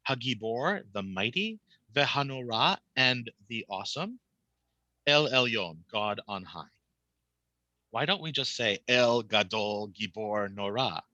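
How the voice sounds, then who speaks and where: Bright-voiced man teaching a class. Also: medium pitch, dry recording, highs cut off. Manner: explains prayer translations, asks the class questions. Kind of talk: casual teaching.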